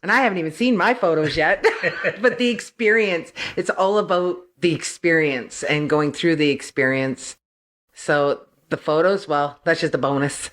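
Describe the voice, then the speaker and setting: A woman's voice: low voice, normal speed, a bit bright. Enthusiastic woman guest. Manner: enthusiastic, affirming, giggly. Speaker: guest, photo client. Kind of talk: relaxed conversational interview.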